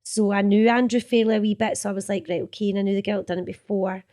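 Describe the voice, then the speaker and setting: A woman's voice: medium pitch, fast. Chatty Scottish woman telling stories. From Scotland. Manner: chatty, animated, acts out quotes. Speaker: actor, interview guest. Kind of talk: casual storytelling interview.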